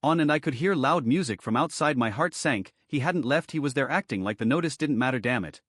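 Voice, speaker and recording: A man's voice: mid-range voice, lively intonation, a little fast, fairly bright tone, dry recording, clean studio sound. A man narrating a first-person family drama story, reading quotes with little change of voice.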